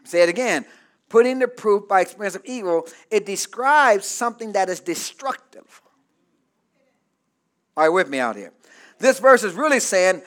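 A male pastor preaching a sermon, calling out to the congregation for responses and building up to shouted peaks. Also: sits high, expressive, normal speed, pauses often.

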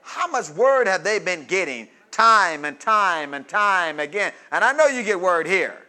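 A man preaching a sermon, reading scripture and breaking into loud call-and-response asides. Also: sits high, sing-song, unhurried.

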